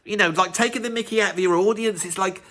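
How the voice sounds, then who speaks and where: A man's voice: sits high, fast, sharp tone. Rambling, teasing male vlogger. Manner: rambling, teasing, self-mocking asides. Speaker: YouTube music channel host. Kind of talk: casual vlog commentary.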